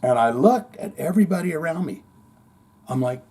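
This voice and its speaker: Rambling, cursing podcast host. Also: male voice, a little high, moderate pace, husky. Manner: rambling, profane, animated storytelling with acted-out quotes. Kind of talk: casual storytelling monologue.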